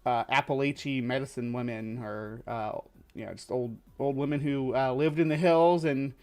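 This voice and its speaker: A man with a lower Midwestern accent hosts a show, giving casual commentary as he reacts to a video, rambling with many fillers and restarts. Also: steady tone, moderate pace, darkish tone. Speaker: host.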